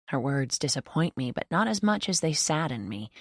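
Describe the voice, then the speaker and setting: A woman reading a novel in the first person as an audiobook narrator, in an even, reflective way. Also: deep voice, moderate pace, no room sound, clean studio sound.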